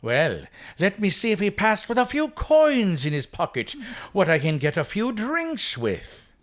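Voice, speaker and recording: Man putting on a jolly drunk Irish trickster, high lilting brogue, big swoops. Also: wildly swooping pitch, a little slow, full character voice. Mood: drunken jolly. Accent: put-on Irish brogue.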